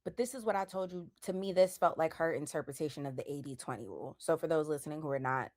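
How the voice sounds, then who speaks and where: Woman, 30s, low pitch, animated, slangy, emphatic, casual chat, dry close sound. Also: fast, no room sound. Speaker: podcast host.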